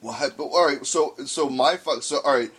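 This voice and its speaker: A man's voice: mid-range voice, moderate pace, a bit bright, breathy edge. A man in casual chat, defensive and profane, often laughing while he argues.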